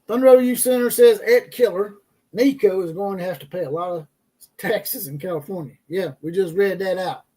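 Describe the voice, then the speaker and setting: A brash man with a fairly high voice hosts a college football livestream. He talks loosely and profanely, mocks players and reporters, and chuckles at his own jokes while reading chat. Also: normal speed, warm tone.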